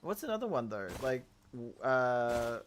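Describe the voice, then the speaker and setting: Casual gameplay commentator, lively and bouncy delivery, giggly rambling storyteller. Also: mid-range voice, a little slow, slight background noise. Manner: rambling, giggly, goofy asides; chatty storytelling with many fillers and restarts. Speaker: gaming YouTuber.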